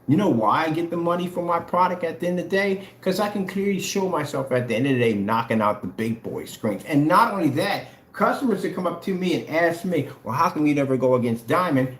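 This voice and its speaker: A boastful, taunting man trash-talks his rivals in a vlog. His pitch swings up and down a lot. The sound echoes around the room. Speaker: vlogger selling paint products. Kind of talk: trash-talking challenge vlog.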